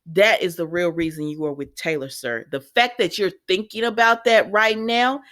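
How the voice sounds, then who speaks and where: A woman's voice: fairly low pitch, fairly even intonation, moderate pace, a bit bright. Sassy woman talking back at the screen. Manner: sassy, talks back to characters. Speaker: soap opera recapper. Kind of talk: casual recap chat.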